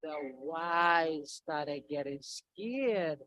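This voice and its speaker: A woman's voice: mid-range voice, slow pace, long pauses, no room sound, dull audio. A woman telling a story to children at a church service, asking them questions as she goes. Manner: animated, asks children questions.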